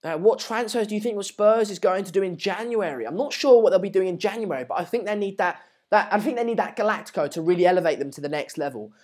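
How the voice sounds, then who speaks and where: A young man hosting a live football watchalong, chatting casually, reading out viewer messages and breaking into excited match updates. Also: high voice, quick pace, hardly any pauses. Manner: chatty, reads out and answers viewer messages, many fillers and restarts. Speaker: live stream host.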